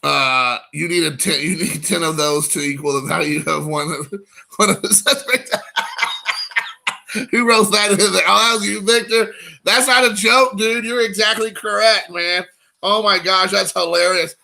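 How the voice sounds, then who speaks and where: Man in his 40s, loose jokey card stream host, bright sharp voice w/ gravel. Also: high-pitched, moderate pace. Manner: joking, rambling, talks to chat viewers. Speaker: card-collecting show host. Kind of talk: casual live-stream chat, opening card packs.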